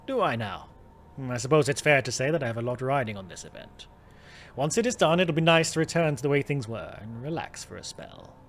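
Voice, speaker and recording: A man's voice: mid-range voice, animated, a bit bright. A man voicing a proud Irish lord. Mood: uneasy. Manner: formal, measured speech. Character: proud aging male Irish manor lord. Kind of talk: reading game dialogue aloud.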